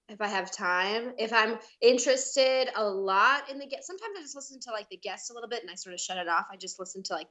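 A woman's voice: medium pitch, fairly bright tone. An American woman co-hosting a podcast over a video call, chatty, giggly and self-deprecating. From United States. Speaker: podcast co-host. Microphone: remote call microphone.

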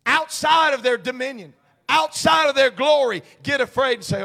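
High-voiced preaching man in echoing church. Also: fairly quick, creaky. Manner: fervent, rising to shouts. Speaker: pastor. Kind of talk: Pentecostal sermon. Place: church sanctuary. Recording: long church hall reverb.

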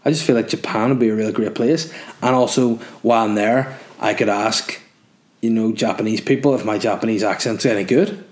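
A man's voice: on the low side, fairly quick. A man hosting a casual solo podcast, reading listener messages and answering them with crude jokes and rambling asides. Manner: crude, joking, rambling with frequent ums. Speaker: podcast host.

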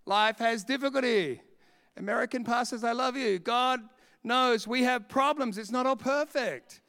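A man's voice: extremely high pitch, moderate pace, bright, forceful tone, clear, resonant tone, in a large hall. A man preaching a sermon in church, telling stories with humor and laughing often. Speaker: pastor.

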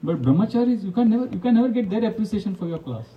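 A man's voice: sits high, very fast, distant mic, lo-fi sound. A man, a monk giving a devotional talk full of anecdotes, often laughing and acting out quotes. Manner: storytelling, animated, laughs often, acts out quotes.

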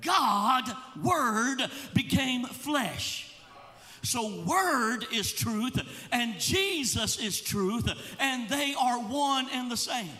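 A male evangelist preaching a sermon, impassioned, rising into shouts and sung, chanted phrases. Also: very high voice, lively intonation, very slow, long reverb tail. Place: church sanctuary.

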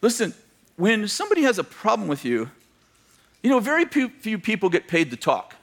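A man's voice: sits high, wildly swooping pitch, brisk, fairly bright tone. A male pastor giving a sermon, telling stories, acting out the voices of the people in them and joking with his listeners. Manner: storytelling, acts out quoted voices, joking asides.

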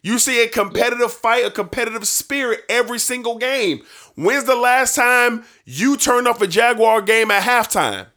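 A man's voice: very high voice, normal speed. A man hosting a sports talk show, talking about football in a casual, emphatic way full of slang. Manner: animated, emphatic, folksy slang.

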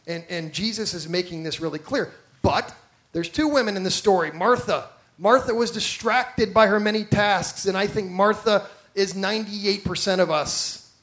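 This pastor, a man with a high voice, speaks at a moderate pace in a spirited sermon. Energetic storytelling, impersonations of those he quotes, and direct questions to the congregation all feature.

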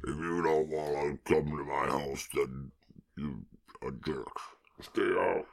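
Man putting on a sulking swamp spirit, very deep, gravelly, husky and half-whispered. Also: steady tone, slow pace, exaggerated voice. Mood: grumpy. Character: grumpy male swamp spirit, petty and sulking. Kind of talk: podcast comedy bit.

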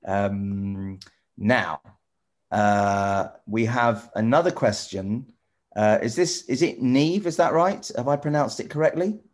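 A man presenter chatting with children in a casual video call, rambling and restarting often, gentle and encouraging. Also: medium pitch, slow pace. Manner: rambling, stop-start, many repeated "you know". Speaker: TV presenter answering children's questions.

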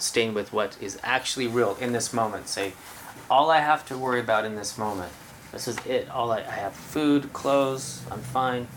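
A meditation teacher giving a relaxed, conversational dharma talk to a group of about thirty people in a room, laughing easily. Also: mid-range voice, normal speed, a little hiss or hum, low-quality recording.

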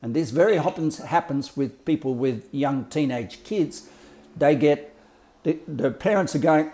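A man's voice: a little high, normal speed, mellow. A man talking as a life coach, explaining ideas in a blunt, colourful way with swearing and mimicked sounds. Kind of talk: casual explanatory talk.

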